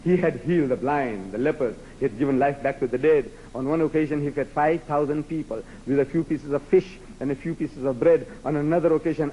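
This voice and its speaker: A man's voice: fairly high pitch, mellow, low-quality recording. A man from South Africa whose first language is Gujarati, giving a rhetorical, challenging public lecture to a live audience. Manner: rhetorical, challenging, acts out debates with mock voices.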